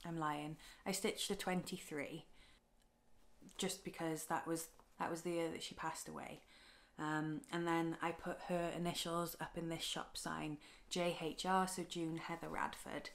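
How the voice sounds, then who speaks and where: A woman talks through her craft projects in a casual home vlog. Her voice sits a little low, and her delivery is soft and tender, with frequent ums and halting restarts. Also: level tone. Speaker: craft vlogger. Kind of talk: casual show-and-tell vlog.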